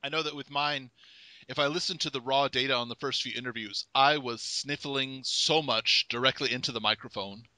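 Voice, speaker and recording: A man's voice: mid-range voice, brisk, bright, forceful tone, dry recording. A man hosting a casual podcast interview over an online call, easygoing, chuckling and acting out small scenes as he talks.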